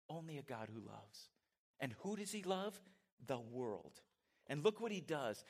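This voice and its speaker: A middle-aged man preaching a sermon in a church, animated and conversational, with asides to his congregation. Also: a little high. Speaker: pastor. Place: church sanctuary.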